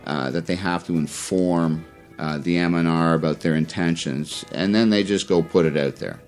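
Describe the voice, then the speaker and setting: A man hosting a fishing podcast, rambling and heated, with many fillers and restarts. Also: deep voice. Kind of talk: casual opinion rant.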